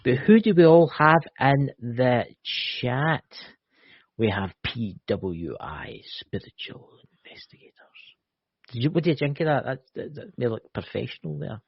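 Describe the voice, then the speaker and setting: Gravelly Scottish man joking around. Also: medium pitch, expressive, moderate pace, no echo. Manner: joking, teasing, lots of "you know". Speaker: co-host. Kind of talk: casual live-stream chat. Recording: dull lo-fi call audio.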